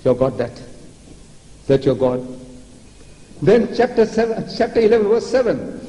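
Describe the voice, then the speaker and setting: Sarcastic older lecturer in echoey hall. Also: male voice, high-pitched, sing-song, moderate pace, dark tone. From South Africa. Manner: sarcastic, theatrical, mocking. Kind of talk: public religious lecture.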